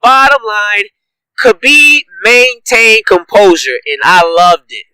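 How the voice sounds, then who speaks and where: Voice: mid-range voice, slow pace, bright, forceful tone, clean tone, no echo, rough recording. A reaction vlogger giving heated, profane commentary, ranting with repeated emphatic jabs and frequent laughter.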